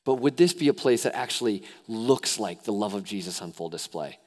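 A young man preaching a sermon as pastor, animated, swinging from hushed lows to excited near-shouts. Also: fairly quick. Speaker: youth pastor.

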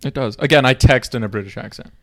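A man's voice: medium pitch, quick pace. A man co-hosting a podcast, chatting casually and joking playfully with his co-host. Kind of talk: casual chat.

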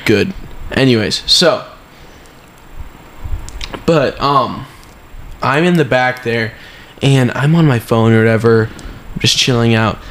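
A man's voice: mid-range voice, slow, long pauses, slight background noise. A young man co-hosting a casual podcast, telling a story animatedly and dramatically. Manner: animated, laughing, dramatic retelling. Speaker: podcast co-host.

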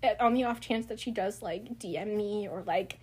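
A woman's voice: medium pitch, moderate pace, husky. A woman talking as a guest on a casual faith podcast, chatty and giggly, with "like" in nearly every phrase.

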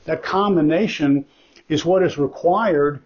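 A pastor delivering a sermon in a slightly high, husky male voice. He speaks earnestly and emphatically, circling back to repeat his key phrases. The recording sounds dull and lo-fi. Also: a little slow, a little mellow.

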